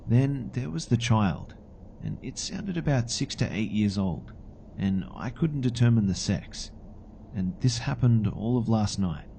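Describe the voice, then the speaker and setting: A man telling a first-person horror story in scripted narration, calm and matter-of-fact. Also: lowish voice, a little slow, gravelly, slight background noise.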